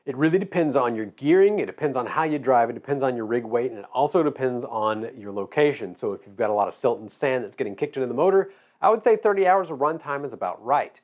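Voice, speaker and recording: Hoarse Southern man chatting while wrenching. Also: mid-range voice, fast. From Georgia, US. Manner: relaxed, rambling, drawling. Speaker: hobby shop owner. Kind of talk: casual chat while building a model.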